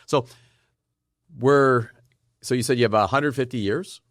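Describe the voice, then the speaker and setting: A man's voice: mid-range voice, unhurried, no room sound, studio quality. A man hosting a podcast interview, asking curious questions and thinking aloud. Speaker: podcast host. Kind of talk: casual interview chat.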